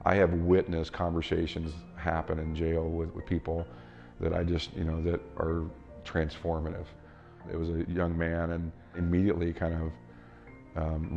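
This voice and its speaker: A man's voice: sits low, little pitch movement, moderate pace, gravelly, a little mellow, faint music behind. A man leading a recovery program tells an earnest story in a documentary interview, on dull lo-fi audio.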